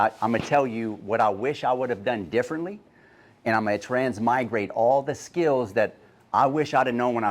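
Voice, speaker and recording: Southern dude on stage at a seminar, brash and cussing, keeps asking the room questions. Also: male voice, fairly low pitch. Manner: brash, profane, rhetorical questions to the crowd. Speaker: guest speaker. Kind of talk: live seminar talk. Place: conference room with live audience.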